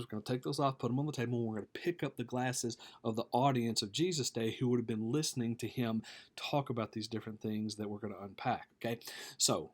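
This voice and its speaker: A man teaching a video Bible lesson, enthusiastic and conversational, sometimes acting out excited reactions. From United States. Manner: enthusiastic, acts out bits with a high excited voice. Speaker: Christian teacher and author.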